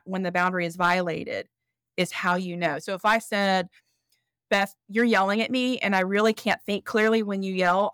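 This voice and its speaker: A woman therapist speaking as a guest on a podcast, calm and explanatory. Her pitch sits in the middle range. The sound is dry and close, with no room around it. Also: clear, resonant tone, no echo. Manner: calm, explanatory, acts out examples. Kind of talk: podcast interview.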